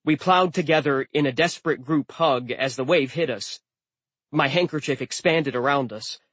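A man's voice: fairly high pitch, normal speed, fairly bright tone, breathy edge, no echo. A man narrating a story in the first person with a dry, wry manner. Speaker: audiobook narrator.

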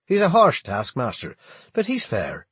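A quiet, grief-worn Irish pirate, as a man reads him, his voice husky and lilting through wide swings of pitch. He speaks low and gentle, in a dry, close sound. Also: huge pitch swings, unhurried, dry recording, full character voice. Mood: wistful. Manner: soft-spoken, subdued. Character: grieving Irish pirate man from County Clare.

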